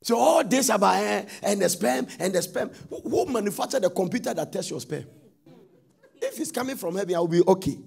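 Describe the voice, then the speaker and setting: A man preaching a sermon, telling stories and rising into sudden loud sung-out phrases. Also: sits high, lively intonation, a little fast, vocal fry.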